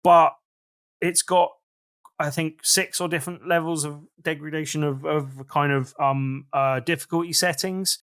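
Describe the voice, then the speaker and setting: A man co-hosting a games podcast, relaxed and hedging his points with fillers. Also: a little high, a little slow, smooth, dry recording, studio quality. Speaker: podcast co-host. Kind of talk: casual chat about video games.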